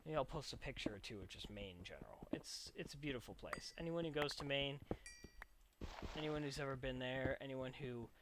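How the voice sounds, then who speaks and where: A young man hosts a let's play, chatting through his gameplay in a rambling, self-mocking way. His voice sits at an ordinary middle pitch. A steady hiss and mouse clicks sound behind him in a noisy home recording. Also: brisk. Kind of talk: casual gameplay commentary.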